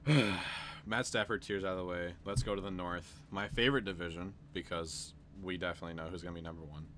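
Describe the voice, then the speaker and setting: Host, young guy, low voice, excitable, faint hiss behind. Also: fast. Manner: excitable, loud bursts and laughs. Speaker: podcast host. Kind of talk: casual sports chat.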